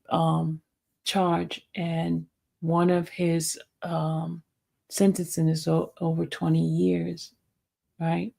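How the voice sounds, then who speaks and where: A woman hosting a casual livestream, talking haltingly with many fillers and restarts. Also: lowish voice, vocal fry. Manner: gushing and excited when greeting a viewer. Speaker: YouTube livestream host.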